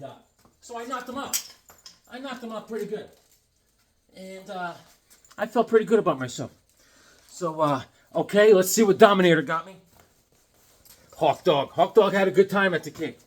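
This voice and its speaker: Husky, animated joking man. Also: sits high. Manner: rambling joking storyteller, animated outbursts. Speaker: comic book vlogger. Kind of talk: comedic unboxing vlog.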